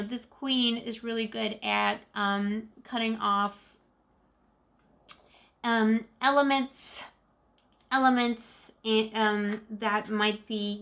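A woman's voice: medium pitch, fairly bright tone. A woman in her forties doing a casual tarot reading to camera, chatty and emotive, often calling the viewer "boo-boo". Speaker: tarot reader.

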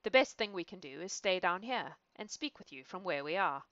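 A woman voicing an earnest, kindly male lawyer in a storybook reading. He coaxes gently. The voice sits fairly low on a dry close mic. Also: lively intonation, a little fast, no echo, lo-fi sound.

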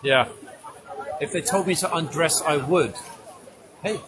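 A man's voice: on the high side, a little slow, noisy background. A man working as a tour guide, giving chatty, joking live commentary to a group outdoors. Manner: joking, chatty, addresses the crowd. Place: outdoors at a ceremony. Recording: outdoor crowd ambience.

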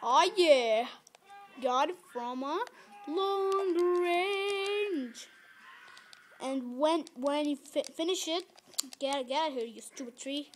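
High voice, slow halting speech, repeats words, yells at game animals, phone recording. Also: a little hiss or hum. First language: Arabic. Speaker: gameplay video maker. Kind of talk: casual gameplay commentary. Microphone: phone camera held between the knees.

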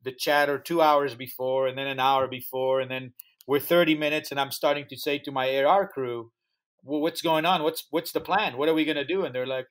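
A man who founded a music festival tells an interview story in animated fashion, acting out quoted dialogue in slightly non-native English. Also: mid-range voice, brisk.

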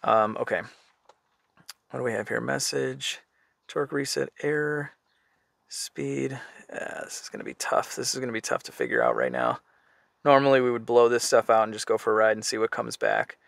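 Man, gravelly voice, bright tone, casual walkaround commentary, thinks aloud. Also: mid-range voice, lively intonation, normal speed, dry recording. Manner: chatty, thinks aloud while inspecting. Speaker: car flipper vlogger.

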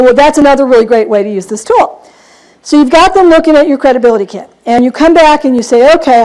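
A woman's voice: high-pitched, darkish tone, poor audio. A middle-aged woman teaching a real estate seminar, telling a story with energy and acting out both sides of each conversation. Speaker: real estate investing trainer. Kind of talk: seminar talk to a live audience.

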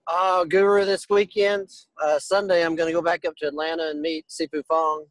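Relaxed male guest, hesitant. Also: a little high, moderate pace, no room sound, low-quality recording. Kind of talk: casual podcast chat.

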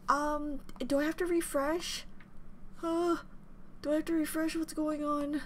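High-voiced, excitable woman reacting live. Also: slight background noise. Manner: very expressive and excitable, gasping and squealing. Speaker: reaction channel host. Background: loud music playing.

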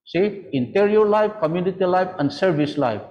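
A man's voice: sits high, animated, normal speed, slight background noise. A man, a priest on a panel, explaining in a preaching way and asking rhetorical questions. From Philippines. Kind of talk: answering a question in a panel talk. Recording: dull lo-fi audio.

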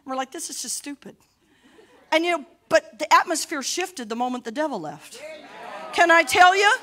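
A middle-aged woman pastor preaching a sermon boldly, rising to shouts between laughing asides. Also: high voice, lively intonation, moderate pace.

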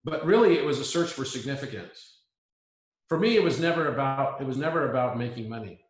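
A man's voice: medium pitch, expressive, a little fast. Earnest man speaking in a roomy echo. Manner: earnest, restarts sentences, repeats words. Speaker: interview guest. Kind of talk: reflective conversation.

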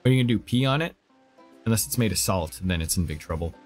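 Male streamer, casual sarcastic game commentary, animated delivery, quiet game music underneath. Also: deep voice, fast talker. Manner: joking and sarcastic.

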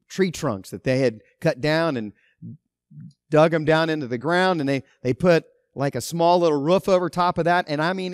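A man pastor preaching a sermon, emphatic, with loud stresses and quiet asides. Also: sits high, smooth, no echo, clean studio sound.

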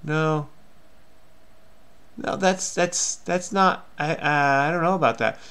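Chatty, gravelly man solving puzzles. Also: fairly high pitch, slow pace, fairly bright tone. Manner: rambling, self-mocking, chatty. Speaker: crossword video host. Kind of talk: casual solo commentary while solving.

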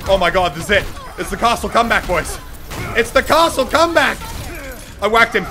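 A young man calls out his game in excitable, swearing commentary, now and then shouting at the screen. His voice sits high and swings widely. Faint game music plays under him. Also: brisk, pauses often. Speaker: gaming channel host. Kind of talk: live gameplay commentary.

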